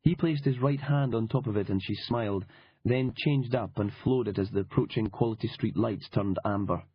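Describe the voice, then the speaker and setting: A man narrating an audiobook in a dry, wry and measured manner. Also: on the low side, a little hiss or hum. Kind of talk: scripted narration. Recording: dull lo-fi audiobook recording.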